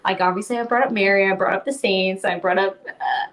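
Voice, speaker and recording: A young woman talking as a podcast guest, pitched in an ordinary middle range. She chats freely, strings her thoughts together with lots of "like", and laughs easily as she recounts. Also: steady tone, fairly quick, fairly bright tone. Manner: chatty, heavy use of "like", laughs often. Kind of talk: casual interview storytelling.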